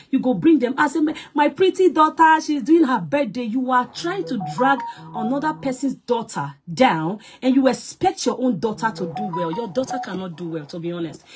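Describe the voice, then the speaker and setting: A Nigerian woman, an actress and producer, scolding someone loudly on a live stream and mixing in Pidgin English. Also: slightly rough. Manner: loud and scolding, mixing Pidgin English, big swings in pitch and volume.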